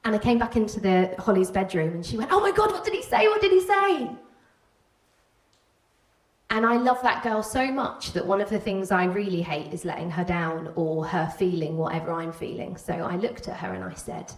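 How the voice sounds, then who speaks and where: A woman's voice: fairly low pitch, fairly quick, few pauses. A woman with a Welsh border accent tells a candid personal story to a live audience, now and then slipping into the voices of people she remembers. Her voice carries through a roomy hall and reaches the microphone from a distance. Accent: Welsh border English. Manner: candid, animated, acts out quoted voices. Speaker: stage speaker telling a personal story. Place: stage before an audience.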